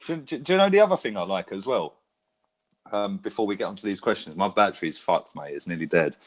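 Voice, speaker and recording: A man talks in casual chat, his voice sitting a little low. He swears freely and keeps tossing in little checks for agreement. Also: expressive, fast. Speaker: fan YouTuber guest.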